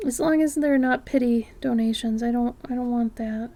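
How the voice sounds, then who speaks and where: A woman artist chatting casually with her live-stream viewers, often dropping to a soft near-whisper and breaking into excited exclamations. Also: a little high, normal speed.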